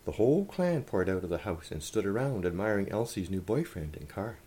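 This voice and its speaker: A man reading a humorous story aloud in a wry, lively way. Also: deep voice, brisk, breathy edge.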